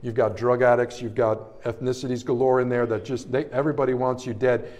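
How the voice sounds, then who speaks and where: A middle-aged man preaching a sermon, telling stories from his ministry and swinging between hushed passages and loud, excited ones. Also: mid-range voice, brisk, dull audio. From New Jersey area, Italian-American family. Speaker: pastor. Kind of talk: sermon with personal storytelling.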